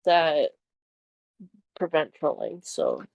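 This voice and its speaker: A woman's voice: sits low, wildly swooping pitch, slow pace, gravelly, a little mellow, dry recording. A young woman co-hosting a podcast, chatting in an easygoing, affirming way. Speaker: podcast co-host. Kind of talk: casual chat.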